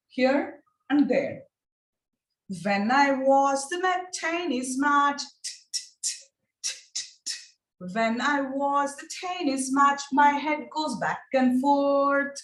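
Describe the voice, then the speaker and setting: A woman training teachers in phonics. She speaks in an encouraging way and drills each sound slowly and repeatedly. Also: sits high, fairly bright tone. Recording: echoey room, distant mic.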